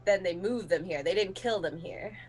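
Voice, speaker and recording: A woman playing a tabletop game in a playful, unhurried way. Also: medium pitch, a little mellow, low-quality recording. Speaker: player. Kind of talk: casual tabletop play.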